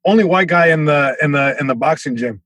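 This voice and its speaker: A man from Southern California, a comedian guest telling a story on a podcast, animated, with many restarts. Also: on the high side, fairly quick, no room sound, rough recording.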